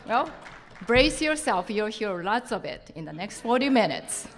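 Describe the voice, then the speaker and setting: A woman's voice: mid-range voice, expressive, moderate pace, a little hiss or hum. A woman with a Japanese accent giving a chatty, self-joking conference talk. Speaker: seminar speaker. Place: large conference hall. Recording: echoey hall reverb.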